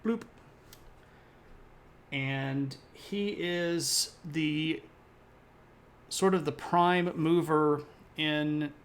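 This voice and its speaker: A man's voice: mid-range voice, fairly bright tone, a little hiss or hum. Rambling man giving a streamed history talk. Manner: rambling, self-correcting, joking asides. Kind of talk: casual live-streamed history lecture.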